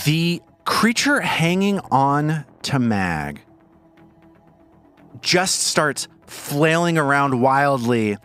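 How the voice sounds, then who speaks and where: A man's voice: on the high side, very animated, extremely slow, fairly bright tone, smooth, soft background music. A man running a tabletop game as game master, narrating scenes playfully and laughing often. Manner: playful, describes scenes vividly with frequent laughter.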